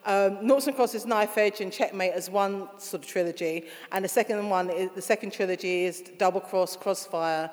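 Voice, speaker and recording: Woman author, interview guest; animated, laughing storyteller; reverberant room. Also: medium pitch, moderate pace, hardly any pauses. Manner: animated, laughing, acts out quoted voices.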